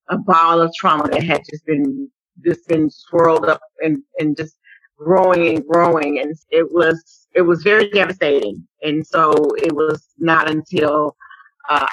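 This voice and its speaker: A woman from Dallas, Texas, shares personal testimony in a podcast interview. Her voice is husky yet bright and tense, and she circles back on phrases as she goes. The sound is close and dry. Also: sits low, no room sound, muffled recording. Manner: earnest, halting storytelling with repeated phrases. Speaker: podcast guest, survivor advocate.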